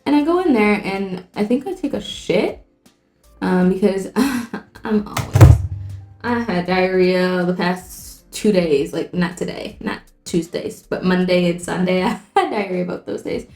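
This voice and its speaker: A woman's voice: fairly low pitch, a little slow, darkish tone. A young woman and makeup vlogger telling a story in a casual, rambling way while doing her makeup. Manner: chatty and rambling, lots of "like". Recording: echoey room, faint music.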